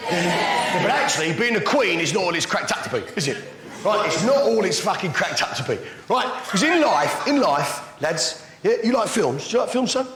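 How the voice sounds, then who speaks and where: A man's voice: sits high, sing-song, moderate pace, crowd noise. A man doing stand-up comedy, bantering crudely with the audience in a brash manner. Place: comedy stage before live audience. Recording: echoey live venue, loud audience.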